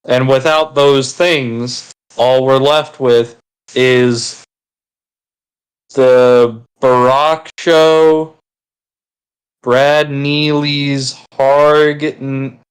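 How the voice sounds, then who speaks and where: A man's voice: medium pitch, steady tone, drawn-out words, clear, resonant tone, poor audio. A man chatting casually with friends while gaming, rambling and teasing with casual swearing. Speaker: gaming video co-host.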